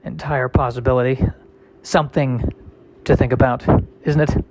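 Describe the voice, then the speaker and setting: A man riffing alone in an unhurried comic monologue, wandering from one worry to the next with a wry, self-mocking tone. His voice sits in an ordinary middle register. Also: mid-range voice, fairly even intonation, a little mellow. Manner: rambling, self-deprecating, wry. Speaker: comedian. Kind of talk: casual solo comic monologue.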